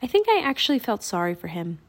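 A woman voicing a thoughtful, kind young boy in a children's storybook, earnest and gentle. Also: on the high side, sing-song, fast.

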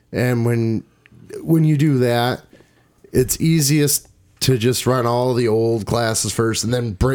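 A man hosting a casual podcast about tractor pulling, chatty and rambling, quick to poke fun at himself. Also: mid-range voice, darkish tone. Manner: chatty, rambling, self-deprecating. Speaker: podcast host and tractor pull announcer. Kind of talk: casual chat.

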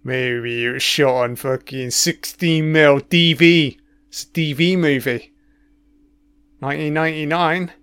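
Slow-talking, sweary man. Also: medium pitch, a bit bright, clean tone. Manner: swears constantly, wry offhand remarks. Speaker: film commentator. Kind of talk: casual running film commentary.

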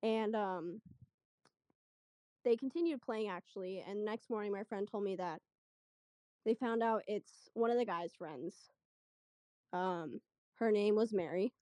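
A young woman telling a story in casual chat, chatty and animated, acting out what people said. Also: medium pitch, measured pace, pauses often, no room sound. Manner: chatty, animated retelling with quoted voices. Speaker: guest storyteller.

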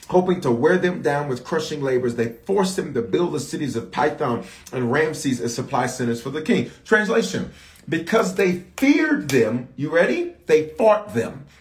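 Animated preaching man, echoey church. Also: a little high. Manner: animated, calls out to the congregation for response. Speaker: bishop preaching to a congregation. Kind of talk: sermon.

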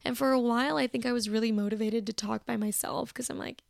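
A young woman in her twenties talks on her own for a podcast, rambling and chatty, often critical of herself. Her voice sits a bit high with plenty of vocal fry. The recording is close and dry, made from her bed. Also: steady tone, fast, hardly any pauses, dry recording. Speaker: podcast host. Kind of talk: casual solo chat. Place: bedroom, sitting on her bed. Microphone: personal mic.

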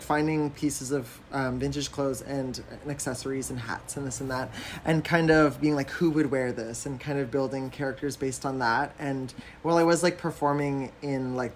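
A man's voice: medium pitch, slight background noise. A man from Canada, a drag performer, chatting casually as a podcast guest, with many fillers and frequent laughs.

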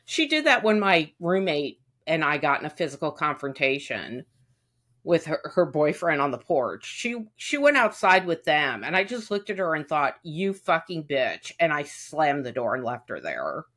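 A woman's voice: deep voice, very animated, moderate pace, fairly bright tone. A woman chatting casually on a podcast, venting with plenty of swearing and acting out what people said. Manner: venting, profane, acts out quotes. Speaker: podcast co-host. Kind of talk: casual chat.

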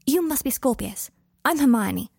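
A woman putting on an eager brisk young witch. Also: high-pitched, animated, gravelly, darkish tone, breathy edge, no room sound, studio quality, voice pushed up, heavily acted. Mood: warm. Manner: quick, eager and precise, a little nervous. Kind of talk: storybook reading.

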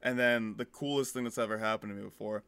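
Young man, podcast co-host, rapid animated storytelling, dry close sound. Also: fairly low pitch, clean tone, no echo. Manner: animated storytelling with many fillers. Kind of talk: casual chat.

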